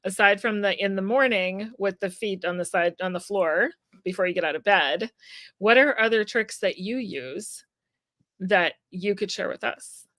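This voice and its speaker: A woman hosts a live stream and asks her guest questions in an easygoing tone, laughing easily along the way. Her voice sits at an ordinary pitch and is recorded dry, with no room echo. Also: normal speed, a bit bright. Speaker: host, psychic medium. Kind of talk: casual live-stream chat.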